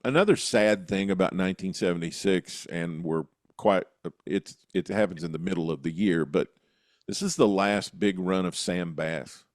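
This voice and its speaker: Deep-voiced man, dry close sound. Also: normal speed, no echo. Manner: conversational, raises questions and recaps history. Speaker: co-host of a wrestling history show. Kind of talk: casual podcast discussion.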